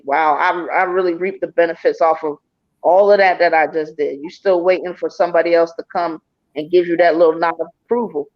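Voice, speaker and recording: A psychic medium with a lowish voice gives a live reading over a video call, speaking directly to the sitter. Her tone is earnest and encouraging, and the sound is lo-fi.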